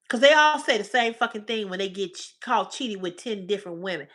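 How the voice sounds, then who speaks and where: A woman's voice: on the high side, a little fast, hardly any pauses, fairly bright tone. A woman hosting a livestream, talking back to her chat in casual, blunt, profane commentary. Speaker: livestream host.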